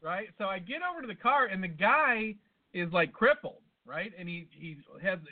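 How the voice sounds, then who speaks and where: A man with a high voice spins a long, rambling story between swears and side comments. The sound is thin and tinny, like it is coming over a phone. It is a casual podcast chat. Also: lively intonation, moderate pace. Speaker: podcast co-host.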